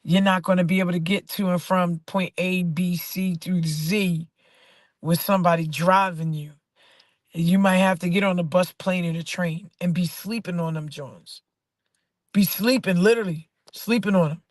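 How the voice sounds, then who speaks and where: A woman's voice: fairly low pitch, steady tone, moderate pace, dry recording, studio quality. Emphatic woman giving a preachy pep talk. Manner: preachy, emphatic, repeats phrases. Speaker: poet and artist. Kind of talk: casual inspirational talk.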